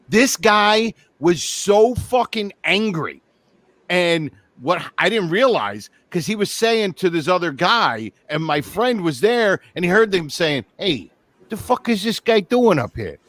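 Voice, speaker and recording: A man with a high, bright voice co-hosts a comedy podcast and tells animated, swearing-laden stories. The sound is close and dry, with no room around it. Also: measured pace, no room sound. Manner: profane, animated storytelling. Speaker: comedian co-host. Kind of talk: casual comedy podcast chat.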